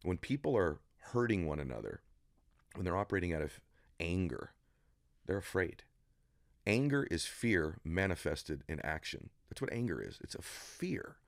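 Middle-aged man, very low voice, dry close mic, emphatic preacherly guest building intensity. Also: very animated, normal speed, dry recording. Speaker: podcast guest. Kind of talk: motivational interview talk. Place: studio room.

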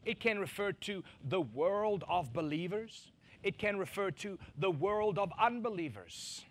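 A man preaching a sermon, animated, acting out quoted voices to mock them and laughing between his points. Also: sits high, unhurried. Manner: animated, acts out mocking quotes.

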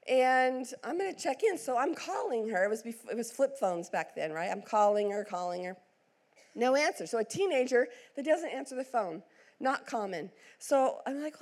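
A middle-aged woman pastor tells a family story from the pulpit in a slightly high voice. She throws herself into the quoted lines, swinging her voice up and down as she goes. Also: normal speed. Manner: animated, acts out quotes with big swings in voice. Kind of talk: sermon storytelling.

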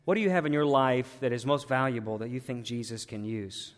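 A man preaching a sermon in a church, swinging from loud urgent appeals to hushed tones. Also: medium pitch, a little fast. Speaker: pastor. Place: church sanctuary. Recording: long hall reverb.

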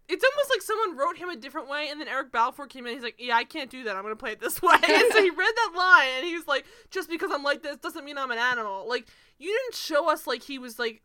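Bright animated woman recapping a show. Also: high voice. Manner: animated, sarcastic, swears, laughs often. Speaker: podcast co-host. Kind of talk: casual TV recap chat.

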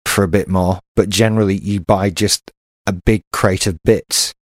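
Low-voiced wry English man chatting. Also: steady tone, moderate pace, no echo. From England. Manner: chatty and wry, with dry asides. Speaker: podcast co-host. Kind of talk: casual chat.

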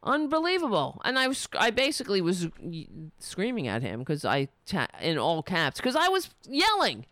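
A woman's voice: lowish voice, big pitch swings, normal speed, few pauses, fairly bright tone, no echo. A woman hosting a live political stream, ranting in a heated, profane and sarcastic way. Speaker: political livestream host. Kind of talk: angry political rant.

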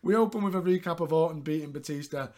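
A man hosts a casual recap podcast, chatty and sweary, and laughs often. His voice sits a touch higher than usual for a man. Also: quick pace, a little mellow. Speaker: podcast host.

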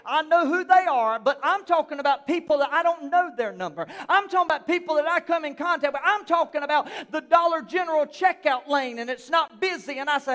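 A man, a pastor preaching a sermon in a church, swinging from quiet talk to shouted emphasis. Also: very high-pitched, brisk, hardly any pauses, big-room sound. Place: church sanctuary.

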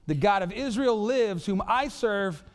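A man's voice: high voice, a little slow. A man preaching a casual, joking sermon full of "y'all" and "like". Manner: animated, joking, says "y'all" and "like" a lot. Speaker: pastor.

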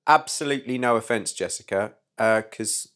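A man's voice: fairly low pitch, normal speed, a bit bright. A man co-hosting a podcast in casual chat, easygoing and jokey. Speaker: podcast co-host.

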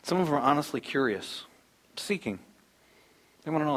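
A man's voice: medium pitch, brisk. A man in his thirties preaching a sermon as a pastor, conversational and storytelling, acting out the voices in his stories.

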